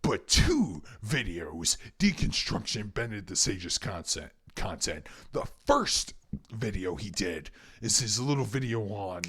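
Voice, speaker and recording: Young man, profane ranting, swinging pitch, emphatic, casual podcast chat. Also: bright, forceful tone, husky. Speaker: podcast co-host.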